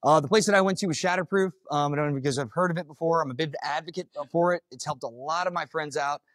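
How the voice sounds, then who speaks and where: A quick, rather high-voiced young man tells his story to a conference crowd, raw and unfiltered, swearing freely. His delivery is animated, and the sound is close and dry, with no room echo. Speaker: firefighter speaking at a summit. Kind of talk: storytelling talk to a live audience.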